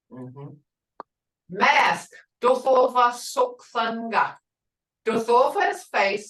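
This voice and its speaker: An older woman teaching a language class, speaking slowly and patiently and repeating words for her learners. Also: medium pitch, a bit bright. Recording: roomy and distant from the mic.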